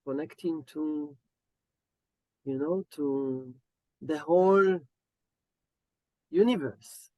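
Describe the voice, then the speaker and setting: A man's voice: fairly high pitch, darkish tone, no room sound, poor audio. A man hosting a webinar, speaking reflectively with many "you know"s over a video call. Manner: slow, spiritual, full of "you know". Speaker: webinar host. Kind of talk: reflective chat.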